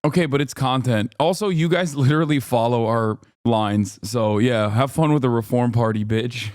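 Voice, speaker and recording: A man in his thirties doing casual stream commentary on videos, profane and sarcastic, with animated swings in delivery. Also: medium pitch, slow pace, no echo, studio quality.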